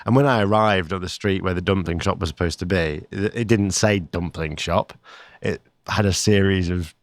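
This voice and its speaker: Low-voiced man telling a travel story. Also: normal speed, no room sound. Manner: storytelling, relaxed and chatty. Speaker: podcast co-host. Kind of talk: casual chat.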